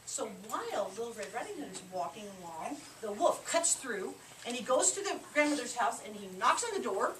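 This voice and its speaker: A woman with a bright, high voice that swoops up and down narrates a fairy tale, pausing to prompt children to repeat the lines. She sounds far from the camera mic, in a boomy room with plenty of background noise. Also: very animated, echoey room. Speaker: storyteller leading children in a play. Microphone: camcorder mic from a distance.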